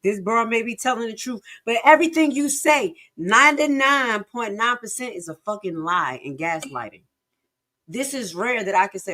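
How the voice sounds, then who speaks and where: Woman, sarcastic, profane, heated, loud then muttered, animated pitch. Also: normal speed. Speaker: live-stream commentator. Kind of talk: profane reaction commentary.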